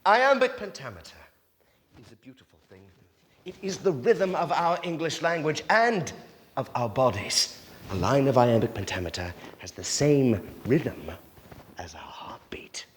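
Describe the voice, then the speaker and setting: An actor on stage playing a flustered, grandiose playwright on trial who declaims in a grand, fretful way. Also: male voice, mid-range voice, animated, normal speed, slight background noise, natural voice. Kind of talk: live stage acting. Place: theater stage. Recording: long theater reverb.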